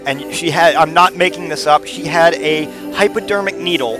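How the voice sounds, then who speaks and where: A man's voice: on the high side, moderate pace, music in the background. A man in his thirties telling a personal story in a rambling, profane way, often repeating words. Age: 30s.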